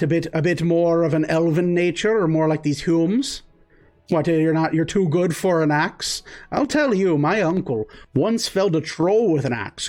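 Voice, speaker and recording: A man voicing a gruff, boastful male warrior who teases bluntly. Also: fairly high pitch, darkish tone, pitched above the performer's own voice, lightly acted. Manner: blunt, teasing, boisterous.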